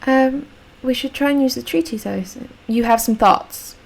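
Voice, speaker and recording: A woman's voice: sits high, normal speed, creaky. A young woman giving rambling, self-mocking commentary while playing a video game. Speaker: let's play host. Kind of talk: casual gameplay commentary.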